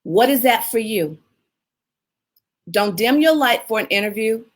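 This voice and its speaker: A publicist hosts a casual live video, her voice slightly high and her delivery a little slow. Lively and expressive, she laughs easily and chats with viewers while coaching them.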